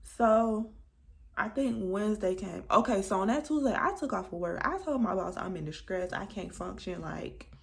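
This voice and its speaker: Gravelly-voiced woman telling a story. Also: mid-range voice, moderate pace. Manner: animated, dramatic retelling with quoted dialogue. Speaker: vlogger. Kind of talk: casual storytime chat.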